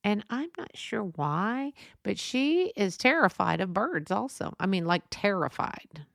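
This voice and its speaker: A woman's voice: medium pitch, sing-song, a little slow, creaky, a bit bright, dry recording, studio quality. A woman hosting a podcast, talking casually in a rambling, chatty way with lots of fillers. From Texas. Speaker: podcast host. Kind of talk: casual solo podcast monologue.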